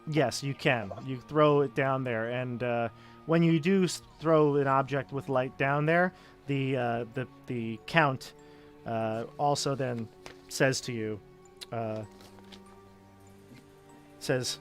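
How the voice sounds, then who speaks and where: A man narrating as game master of a tabletop game, casual and halting with many fillers. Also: mid-range voice, faint music behind.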